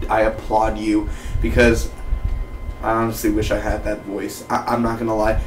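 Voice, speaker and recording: A man's voice: mid-range voice, a little fast, far from the mic. A man casually reviewing a TV episode, rambling and self-deprecating with frequent restarts. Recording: echoey room, off-mic, faint hiss.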